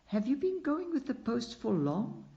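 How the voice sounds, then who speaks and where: A man's voice: very high-pitched, big pitch swings, unhurried, gravelly, dark tone, voice pushed up, full character voice. A man voicing a good-humoured young male student who chats lightly on a cart ride. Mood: amused. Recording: dull lo-fi recording.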